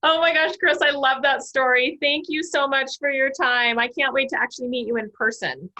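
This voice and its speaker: Bright, upbeat woman host on video call. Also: high-pitched. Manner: upbeat, affirming, quick to praise. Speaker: chamber of commerce CEO hosting.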